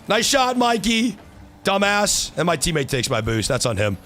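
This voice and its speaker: A young man streaming a car-soccer match, trash-talking opponents and yelling at his teammates. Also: high-pitched, big pitch swings, normal speed. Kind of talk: live gameplay commentary.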